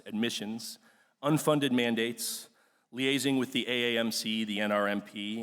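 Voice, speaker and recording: A man's voice: on the low side, a bit bright. A young man, class president, giving an earnest, emotional ceremony speech with frequent fillers in a large auditorium. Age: young adult. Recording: long hall reverb.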